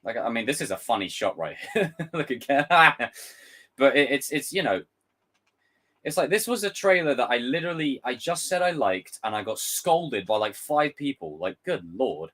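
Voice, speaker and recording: A man's voice: medium pitch, big pitch swings, normal speed, fairly bright tone. A man hosting a casual live stream, ranting and swearing freely, mimicking others in exaggerated voices. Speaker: YouTube host reacting to a trailer. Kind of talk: casual livestream chat.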